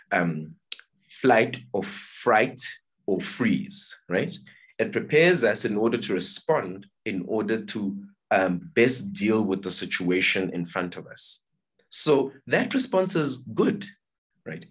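A man presenting as a psychotherapist in an online workshop over a video call, talking fast and earnestly and often restarting with fillers. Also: fairly low pitch, slightly rough.

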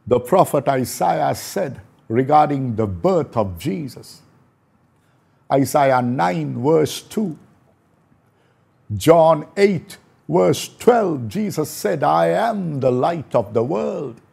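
A man preaching a slow, prayerful sermon, repeating phrases for emphasis. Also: a little high, animated, creaky, a little mellow, breathy edge. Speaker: pastor.

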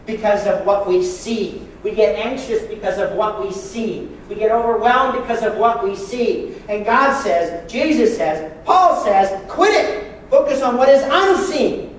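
A man preaching a sermon as pastor, joking and lively with sudden loud bursts. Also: high voice, heavy reverb, distant mic, slight background noise, poor audio.

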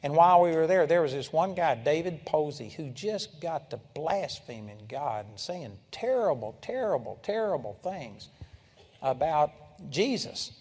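An older man preaching a sermon, telling folksy personal stories and breaking into loud shouts when he acts out a scene. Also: a little high, lively intonation, a little slow, slightly rough. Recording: live sermon in a large reverberant hall.

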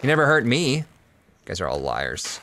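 A man's voice: mid-range voice, wildly swooping pitch, normal speed, fairly bright tone. A man streaming a video game live, talking to his chat, often frustrated and swearing. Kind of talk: live gameplay stream commentary.

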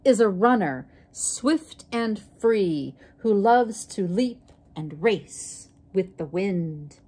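A woman voicing a swift, free-spirited antelope in a storybook reading, bright and energetic. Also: medium pitch, drawn-out words, slightly rough, full character voice. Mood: lively.

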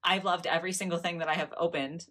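A young American woman talks through an unboxing in a chatty, giggly way. Her voice sits a little low in pitch but sounds bright and clear. She gushes over each piece in a casual vlog manner. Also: fairly even intonation, fast talker. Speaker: doll collector vlogger.

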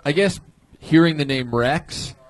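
A man on a comedy show panel giving a guest thoughtful, halting feedback. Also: fairly high pitch, no room sound. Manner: halting, thoughtful advice with restarts. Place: comedy club stage.

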